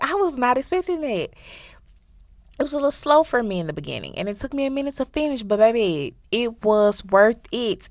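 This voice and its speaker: A woman hosting a podcast, casually recapping a show in an animated, slangy way and talking straight to her listeners. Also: medium pitch, creaky, dry recording, clean studio sound. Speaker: podcast host.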